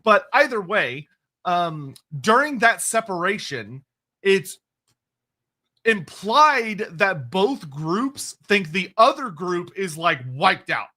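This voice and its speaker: Bright, high-voiced man chatting. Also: very animated, slow. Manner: rambling, restarts, laughs often. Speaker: co-host answering chat questions. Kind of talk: casual livestream lore chat.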